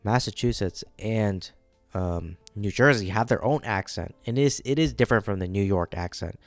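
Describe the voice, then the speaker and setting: A man's voice: on the low side, normal speed, no room sound, faint music behind. A man giving casual, rambling commentary on a manga during a live reading, often checking in with the audience. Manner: rambling, keeps checking in with "right?".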